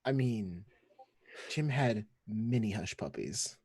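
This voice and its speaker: A man's voice: lowish voice, lively intonation, takes it slowly, a little mellow, slightly rough, dry recording. A man player in a tabletop game, laid-back and chatting casually. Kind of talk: casual chat.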